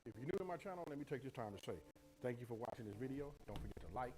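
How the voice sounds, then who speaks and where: A man's voice: mid-range voice, animated, rough recording. A man hosting a cooking tutorial video, talking in a folksy, chatty way. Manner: folksy, talkative, rapid. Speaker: home cook on a cooking channel. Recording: music playing under voice.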